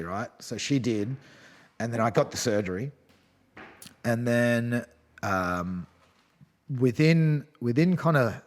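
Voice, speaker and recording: A man's voice: medium pitch, big-room sound. A man in his thirties, a podcast guest telling his story in a candid, rambling way, swearing freely and restarting his sentences. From Australia. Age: 30s. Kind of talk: casual storytelling chat.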